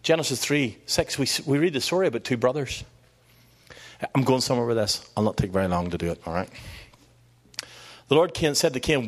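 A middle-aged man preaching a sermon in an animated, conversational way, with asides and jokes for the congregation. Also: mid-range voice, brisk, pauses often.

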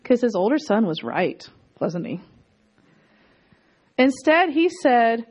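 A woman in her thirties preaches a sermon with lively energy. She repeats her points for emphasis and laughs often. Her voice sits a little high, on a dull, lo-fi recording. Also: slow, long pauses, slightly rough.

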